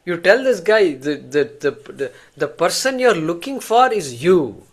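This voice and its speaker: A man with a somewhat raised pitch teaches a class. He explains ideas step by step through examples and often repeats a word or two while finding his thought. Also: big pitch swings, unhurried. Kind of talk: class lecture.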